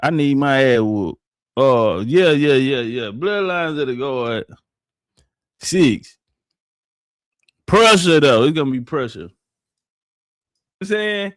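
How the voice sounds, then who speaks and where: A man co-hosting a livestream, talking loosely and rambling, sometimes reading aloud haltingly. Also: medium pitch, lively intonation, a bit bright, no echo, clean studio sound. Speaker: livestream co-host. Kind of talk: casual livestream chat.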